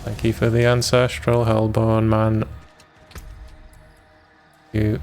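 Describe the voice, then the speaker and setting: A man's voice: on the low side, level tone, slow pace, vocal fry, pauses often, faint music behind. A man streaming a video game, rambling and grumbling with heavy swearing. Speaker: livestreamer. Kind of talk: casual gaming commentary.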